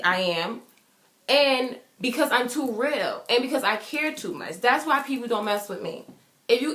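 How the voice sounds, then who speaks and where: A woman's voice: fairly high pitch, a bit bright. A young adult woman telling a personal story in a vlog, emphatic and repetitive, acting out what others said. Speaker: vlogger. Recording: roomy echo.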